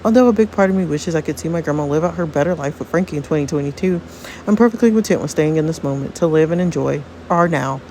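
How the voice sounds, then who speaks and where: A woman narrating a life-sim game story in a reflective, animated manner. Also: low voice, quick pace, slight background noise.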